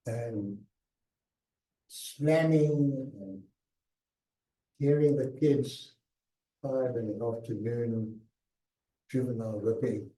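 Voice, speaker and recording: An older man recounting his own past in a slow, emphatic talk with hushed pauses, heard from a distance in an echoey lecture hall. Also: medium pitch. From South Africa. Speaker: guest speaker. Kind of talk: personal memoir talk.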